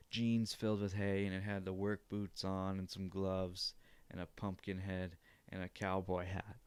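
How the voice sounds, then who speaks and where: A man's voice: deep voice, clean tone, no room sound. A young man hosting a podcast in casual chat, rambling, laughing often and swearing freely. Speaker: podcast host.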